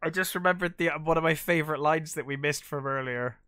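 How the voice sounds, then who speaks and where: A man in a casual film chat, talking in a relaxed, hesitant way. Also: fairly high pitch, a little fast, clear, resonant tone.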